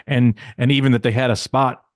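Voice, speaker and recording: A man's voice: mid-range voice, little pitch movement, brisk, no echo, clean studio sound. A man co-hosting a casual podcast, telling backstage stories animatedly, acting out quotes, swearing and laughing often. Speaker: podcast co-host, former insider.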